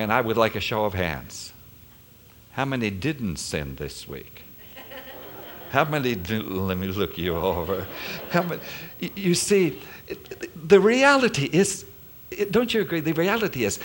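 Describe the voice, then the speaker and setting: A man preaching a sermon, emphatic, often turning to the congregation with questions. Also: medium pitch.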